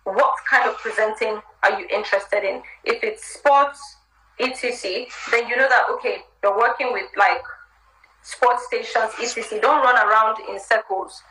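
A woman's voice: fairly high pitch, normal speed, sharp tone. A woman with an American accent, the guest in a live chat interview, giving candid, chatty career advice. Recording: roomy live stream audio.

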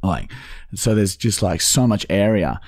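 A man co-hosting a podcast, telling stories in a casual, animated way and swearing constantly. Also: on the low side, measured pace, no echo, clean studio sound. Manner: profane, animated storyteller. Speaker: podcast co-host. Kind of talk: casual chat.

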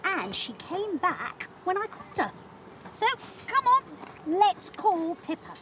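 An older woman playing a calm, kindly grandmother in a children's live-action TV drama. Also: very high voice, slow, heavy background noise, heavily acted. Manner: calm, reassuring. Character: calm, kindly grandma of two young twins.

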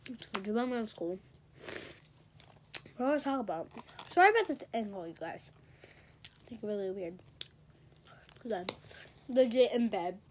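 A woman's voice: medium pitch, expressive, moderate pace, pauses often, slight background noise. A teenage girl rambling and gossiping in a casual vlog, a bit congested and talking while she eats in bed. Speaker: vlogger.

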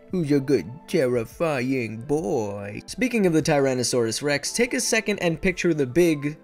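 A man hosting an educational video, narrating a science script in an upbeat, playful way with jokey asides. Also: on the high side. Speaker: educational channel host.

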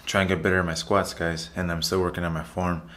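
A deep, slightly bright voice with a level tone and quick pace belongs to a fitness vlogger narrating his workout video. He talks in a loose, chatty, repetitive way, often calling out to viewers and saying "guys."

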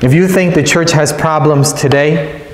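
A priest giving a retreat sermon, telling stories and repeating phrases for emphasis. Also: male voice, fairly high pitch, fairly even intonation, a little slow. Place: large church. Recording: echoey church hall.

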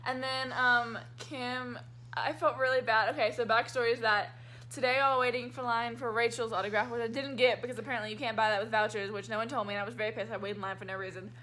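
A young woman vlogger telling stories in casual chat from a hotel room, excitable and giggly, acting out what people said. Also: on the high side, fast, a little hiss or hum. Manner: excitable, giggly, acts out quotes.

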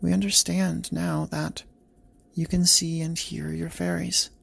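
A man's voice: a little high, flat delivery, unhurried, creaky, fairly bright tone, slightly rough, exaggerated voice. A man reading as loving, supportive parents. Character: loving parents tucking their daughter in.

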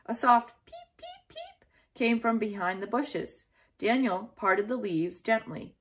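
A woman's voice: a little high, sing-song, slow pace, a bit bright, slight background noise. Woman reading a children's storybook aloud.

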